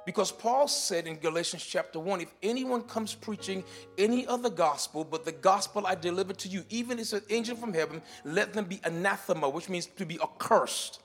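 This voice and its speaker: A man delivers a sermon in a church with a notably high voice. He swings between quiet, careful explanation and loud, urgent declarations, often repeating words as he works through a point. Faint music runs behind him. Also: fairly quick. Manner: shifts from shouted declarations to quiet teaching. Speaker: pastor. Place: church sanctuary.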